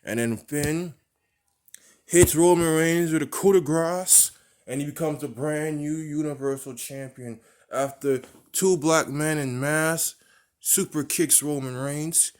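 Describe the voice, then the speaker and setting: A man's voice: medium pitch, fairly even intonation, unhurried, a little mellow, clear, resonant tone. A man rambling through a wrestling storyline he invented, full of restarts and repeated words. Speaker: wrestling fan booking storylines. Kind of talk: rambling fantasy booking monologue.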